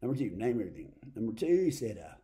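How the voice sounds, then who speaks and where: Southern man, mellow voice, folksy rambling preacher bit, slips into quoted voices. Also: mid-range voice, sing-song, quick pace. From Texas. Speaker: comic preacher character. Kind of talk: rambling comic monologue.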